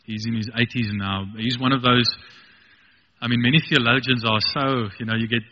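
A man's voice: medium pitch, fairly even intonation, normal speed, in a large hall, dull audio. A man preaching a sermon with passion, building to emphatic peaks.

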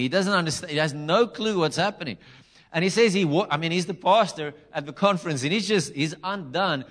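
A middle-aged man preaching a sermon, telling a story with passion and breaking into loud, emphatic declarations. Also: fairly high pitch.

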